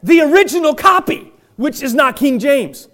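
A man preaching a sermon as pastor, with frequent restarts and repeated words, building to loud emphatic shouting. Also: very high-pitched, animated, moderate pace.

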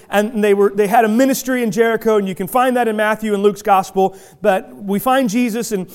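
A man preaching a sermon as pastor, with frequent restarts and repeated words, building to loud emphatic shouting. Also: high voice.

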